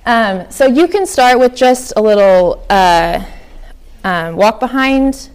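A woman's voice: on the high side, lively intonation, takes it slowly, clean tone. A young woman from Oklahoma giving a casual workshop talk on flower farming, chatty with many ums and likes.

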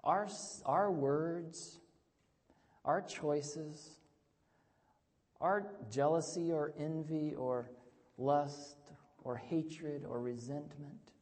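Man, preacher, sermon, quiet to loud emphatic delivery, questions for the audience, fairly high voice, long hall echo. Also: very slow, long pauses. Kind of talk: evangelistic sermon. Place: church hall with tables.

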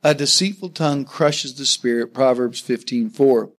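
A man's voice: medium pitch, normal speed. Joking middle-aged man teaching. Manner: joking, then plain teaching. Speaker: co-host speaking about marriage. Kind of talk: casual talk with scripture teaching.

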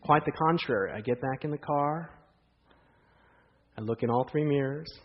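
A man's voice: on the high side, moderate pace. Man preaching in an echoey hall. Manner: animated storytelling with rhetorical questions to the audience. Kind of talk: sermon. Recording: dull lo-fi sound in a hall with long reverb.

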